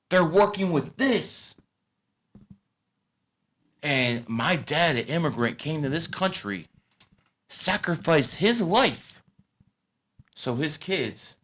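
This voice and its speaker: A man in his thirties hosting a casual chat, blunt and profane, swinging from loud rants to low asides. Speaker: podcast host.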